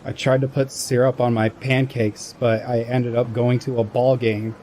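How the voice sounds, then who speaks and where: A man with a mid-range voice plays a tabletop game in a dry, deadpan manner. Faint noise sits under his voice. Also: medium pitch, normal speed. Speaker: player.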